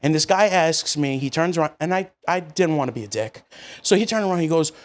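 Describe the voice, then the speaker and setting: A podcast host talking casually and expressively, chiming in with quick agreement and loud laughter. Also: mid-range voice. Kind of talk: casual chat.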